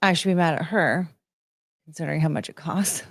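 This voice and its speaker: A young woman rambles through a casual live stream, chatting loosely with her viewers. Her voice sits fairly low, and the sound is dry and close with no room around it. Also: steady tone, brisk, no room sound. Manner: rambling, chatty, greets chat viewers by name. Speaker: livestream host.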